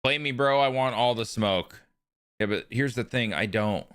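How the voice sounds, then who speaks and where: A man's voice: mid-range voice, moderate pace, a bit bright, smooth, no room sound, studio quality. A man streaming a video game, chatting casually and joking with his chat. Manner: joking banter with chat, running bits.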